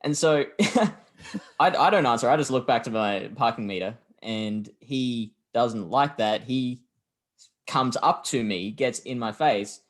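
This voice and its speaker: A man guesting on a casual podcast, with a middle-pitched everyday voice. He tells his stories in a relaxed, self-deprecating way, often stumbling and restarting mid-sentence. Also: measured pace. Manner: laid-back, self-deprecating storyteller with hesitant restarts. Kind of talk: casual chat.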